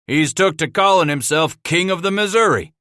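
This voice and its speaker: A hot-tempered fur trapper rails in a high, loud, blustery frontier drawl, as a male narrator puts him on. He grumbles and complains steadily. The recording is dry and close. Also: normal speed, no echo. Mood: angry.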